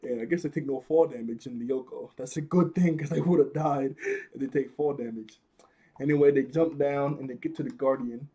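A man's voice: medium pitch, fairly even intonation, a little fast, dark tone, slightly rough. A man casually recapping a cartoon episode in slangy talk, often laughing and correcting himself.

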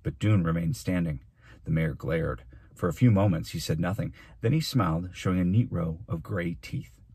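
Deep husky man reading a storybook. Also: normal speed, dry recording. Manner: steady storytelling narration. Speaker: teacher. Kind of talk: reading a novel aloud for children.

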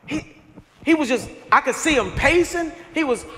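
A high, bright-voiced male pastor preaches in a storytelling style, his pitch leaping around as he acts out scenes. The sound carries a long hall reverb, with a congregation faintly audible. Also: moderate pace. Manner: animated, acts out people in his story, laughing and shouting at times. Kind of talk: storytelling sermon. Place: large church sanctuary with congregation. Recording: live church hall with faint crowd.

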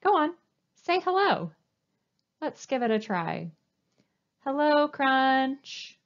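A woman reads a picture book aloud for a children's storytime, her voice bright and high. She drags the words out slowly and lets her pitch swoop up and down in a coaxing sing-song. The recording sounds a little dull and muffled. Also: big pitch swings, vocal fry. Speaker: children's librarian.

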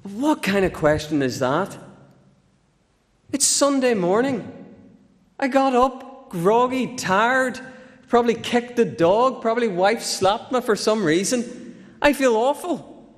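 A man voicing a groggy, exasperated male churchgoer who fires off indignant rhetorical questions, his voice climbing high. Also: animated, slow, pauses often, heavily acted. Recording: long church reverb.

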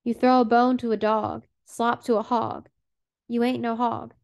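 A woman's voice: on the high side, flat delivery, measured pace, vocal fry, smooth. A woman reading the part of a grieving, pleading elderly woman in an audiobook. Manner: pleading, dialect speech.

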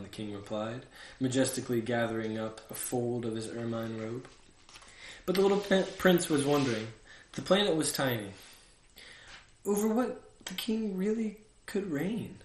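A man in his twenties reading a children's book aloud, steady in tone, with casual asides. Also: mid-range voice, moderate pace. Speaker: reader. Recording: echoey room.

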